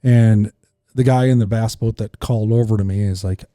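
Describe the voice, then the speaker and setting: A man, a fishing guide telling a lively story on a podcast, acting out the voices of the people in it. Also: on the low side, normal speed, no room sound, clean studio sound.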